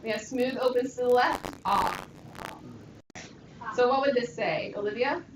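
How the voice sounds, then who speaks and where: In a classroom lesson picked up from far away, amid echo and background noise, a woman drills her Greek students on pronunciation using encouraging call-and-response. Her voice sits on the high side and her pace is a little slow.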